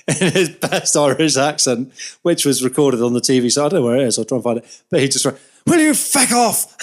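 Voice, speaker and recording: A man in his thirties co-hosting a podcast, telling long rambling anecdotes in casual chat and laughing along. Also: mid-range voice. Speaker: podcast co-host.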